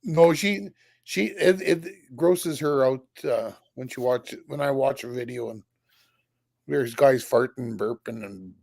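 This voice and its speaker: A man's voice: mid-range voice, unhurried, creaky, a little mellow, no room sound. A man chatting from home on a video call, blunt and casual, swearing freely and often answering in short replies. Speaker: guest YouTuber. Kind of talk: casual chat.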